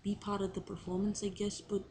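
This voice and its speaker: A woman's voice: medium pitch, little pitch movement, brisk, darkish tone, slight background noise, poor audio. A young woman talking to camera in a casual video diary, rambling and unsure of herself, with many fillers. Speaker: drama student on placement.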